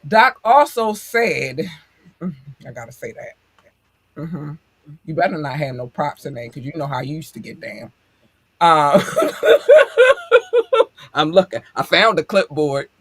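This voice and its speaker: A woman's voice: low-pitched, wildly swooping pitch, slow, long pauses, slight background noise. A woman co-hosting a podcast in casual chat, effusive and affectionate, laughing often as she talks to listeners. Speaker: podcast co-host.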